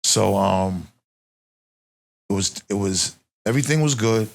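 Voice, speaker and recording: Interview guest, man, Boston accent, low-pitched, animated street storyteller. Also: measured pace, creaky. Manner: animated, profane street storytelling, rises in pitch when reliving tense moments. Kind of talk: casual storytelling.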